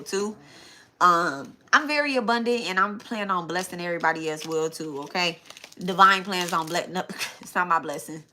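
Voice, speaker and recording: Bright-voiced woman chatting on a live stream. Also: on the low side, a little hiss or hum. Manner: chatty, repeats herself, talks straight to viewers. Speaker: tarot reader hosting a live stream. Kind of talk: casual live-stream chat.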